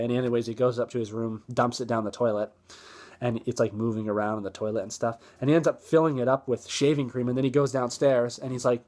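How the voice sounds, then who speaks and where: A man talks through a film's plot in a loose, rambling way, with a middle-pitched voice. He piles on fillers and restarts and briefly acts out the characters' lines as he goes. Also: steady tone, fast talker, a little mellow. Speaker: movie reviewer. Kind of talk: casual plot recap.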